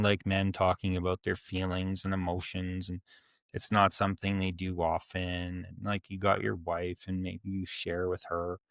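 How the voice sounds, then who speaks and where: A man's voice: deep voice, clean tone, no echo, clean studio sound. A man in his forties co-hosting a podcast, telling a candid, rambling story and swearing freely. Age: 40s. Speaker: podcast co-host. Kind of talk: casual chat.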